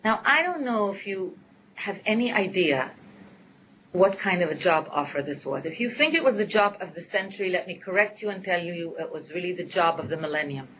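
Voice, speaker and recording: An older woman giving a lecture as a personal story, lively and dramatic, acting out her own past words. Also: fairly low pitch. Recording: dull lo-fi recording with faint hiss.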